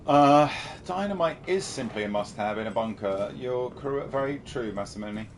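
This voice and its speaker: A man's voice: medium pitch, lively intonation, normal speed, background noise. A man from the United Kingdom chatting casually while streaming a horror game and reading viewer messages. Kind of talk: casual livestream commentary.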